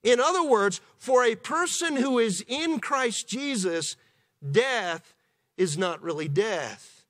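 A man preaching a sermon as pastor, in a measured way with slow, emphatic pauses. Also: very high voice, animated, fairly bright tone. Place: church.

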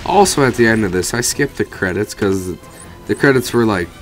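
A man's voice: fairly low pitch, lively intonation, moderate pace, faint music behind. A man giving rambling let's play commentary over a video game, swearing casually at it. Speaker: gamer commentator.

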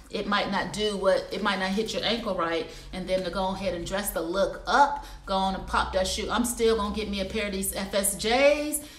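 A woman's voice: medium pitch, fairly bright tone, roomy sound. Chatty woman hosting a live shopping stream. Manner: chatty, addresses viewers as y'all. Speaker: livestream shopping host. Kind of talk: casual live product review. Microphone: phone or computer livestream.

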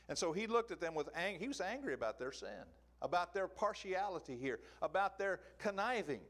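Male preacher, sermon delivery, animated and emphatic, pitch on the higher side. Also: a little fast, hardly any pauses. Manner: animated, emphatic, rhetorical questions.

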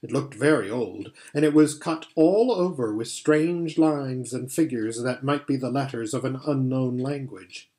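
A man narrates a children's storybook in a steady, measured read. His voice sits at a middle pitch and keeps an even pace, with the odd slip along the way. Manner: measured, steady reading with occasional slips. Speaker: audiobook reader.

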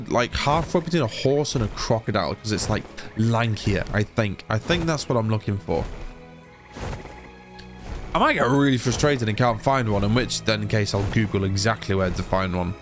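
A man from England giving casual, rambling commentary while playing a video game, swearing now and then. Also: mid-range voice. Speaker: gaming YouTuber.

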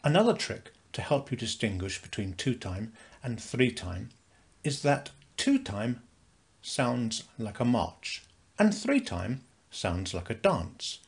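Slow, lively British male music tutor. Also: medium pitch. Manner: slow, clear, counting beats aloud with stress. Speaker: music teacher. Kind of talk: scripted instructional narration.

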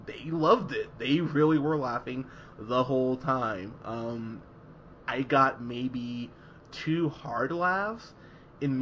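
A man's voice: mid-range voice, slight background noise. A man reviewing a movie on a podcast in casual, profane chat, rambling and laughing as he quotes scenes. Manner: rambling, laughing, quoting in animated voices. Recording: dull lo-fi podcast audio.

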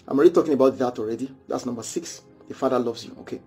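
A man preaching a sermon, animated and acting out little scenes as he makes his point. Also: medium pitch, rapid-fire, gravelly, faint music behind. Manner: animated, acts out small scenes, repeats phrases.

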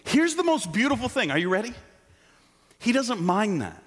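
A man preaching a sermon in a church, animated and joking, with self-deprecating asides. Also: high-pitched, moderate pace, breathy edge, in a large hall. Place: church sanctuary.

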